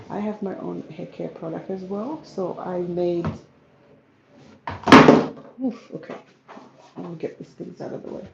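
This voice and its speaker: A woman from South Sudan, speaking calmly and softly in a casual livestream Q&A as a YouTuber, reading out viewer comments. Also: lowish voice, creaky, echoey room, dull audio, very noisy. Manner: calm, soft-spoken, reads out viewer comments. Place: home room with ring light. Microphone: camera on ring light.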